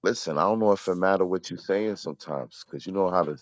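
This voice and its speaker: A man's voice: deep voice, quick pace, no room sound, dull audio. A man co-hosting a spoken word podcast, chatting casually with slang and jokes. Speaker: podcast co-host. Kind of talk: casual chat.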